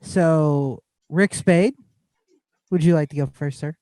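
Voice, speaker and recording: A man's voice: on the high side, slow pace, warm tone, no room sound, clean studio sound. A man co-hosting a podcast, playful and jokey in casual chat. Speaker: podcast co-host.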